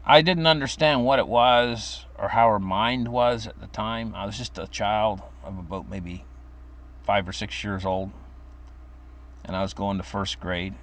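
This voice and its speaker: A man's voice: fairly even intonation, measured pace, a bit bright. An older man casually telling a story from his childhood, rambling with fillers and restarts. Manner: acts out quoted voices in a high pitch.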